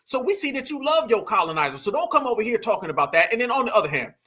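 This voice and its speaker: A man's voice: extremely high pitch, big pitch swings, racing, pushed and bright, slightly rough. A middle-aged man, delivering a heated, preachy commentary rant and calling his listeners "fam". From United States. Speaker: online commentator.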